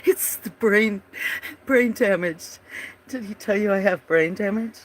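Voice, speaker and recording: Giggly rambling livestream host, slow-spoken. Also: mid-range voice. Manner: giggly, laughs often, rambling; trails off mid-sentence. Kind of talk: casual chat while drawing.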